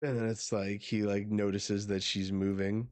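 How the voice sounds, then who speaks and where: A man reacting live to a new comic chapter, casual, excitable and swearing. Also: lowish voice, normal speed, no echo. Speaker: manga reaction streamer.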